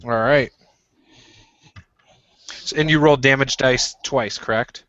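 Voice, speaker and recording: A man running a tabletop game as game master, narrating in a relaxed, chatty way with frequent fillers. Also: medium pitch, slow pace, dry recording, muffled recording.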